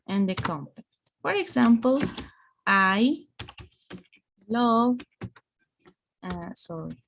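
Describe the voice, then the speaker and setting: In an online English grammar lesson, a woman whose first language is Spanish speaks in a mid-range, darkish voice, with a little hiss or hum. She patiently explains each step and keeps checking in with "okay."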